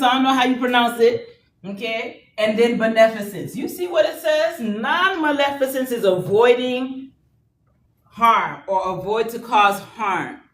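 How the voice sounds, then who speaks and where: A woman teaching a nursing class, lecturing and teasing her students in a playful way. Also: on the high side. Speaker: nursing instructor. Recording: echoey classroom from far off, faint noise.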